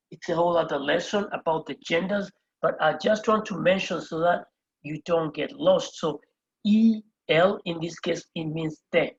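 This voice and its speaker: Slow, husky-voiced Spanish teacher. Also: mid-range voice, highs cut off. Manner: spells words out letter by letter, repeats each term; patient, explains step by step. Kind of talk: whiteboard language lesson. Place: indoors at a whiteboard.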